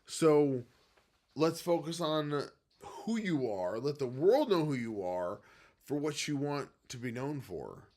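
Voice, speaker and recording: A man hosting a casual late-night livestream from home, rambling off on tangents and swinging between quiet, low musing and loud, excited bursts. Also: slow pace. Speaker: livestream host and business owner.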